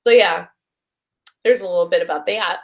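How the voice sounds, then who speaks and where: A woman's voice: on the low side, normal speed. A young adult woman, a voice actress guest, chatting in an interview in a bubbly, gushing way with lots of fillers and restarts. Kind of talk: casual interview chat.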